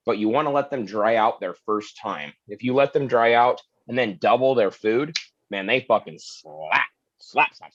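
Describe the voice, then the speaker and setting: A man's voice: mid-range voice, no echo. Tired man who repeats himself emphatically. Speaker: guest grower who teaches classes. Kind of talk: casual chat on a video call. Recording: dull dry call audio.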